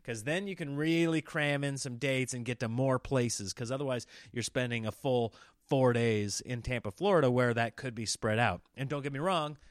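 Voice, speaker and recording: A man from Nebraska talks through a casual podcast monologue at a middle pitch, rambling from one story to the next. He acts out other people's lines as he goes. The recording is close and dry, with no room sound. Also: normal speed, no echo. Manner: rambling, animated storytelling with acted-out quotes. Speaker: comedian and podcast host.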